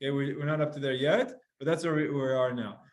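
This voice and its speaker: A man teaching a lively Gemara class to students, reading Hebrew lines aloud, translating them and acting out sighs and whimpers. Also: medium pitch, fast talker. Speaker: Talmud teacher.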